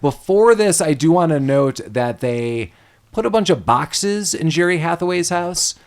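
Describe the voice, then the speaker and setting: A man's voice: a little high, a little slow. A man hosting a podcast, recapping a movie in casual chat and acting out the characters. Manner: animated, swears, acts out characters with laughs. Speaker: podcast host.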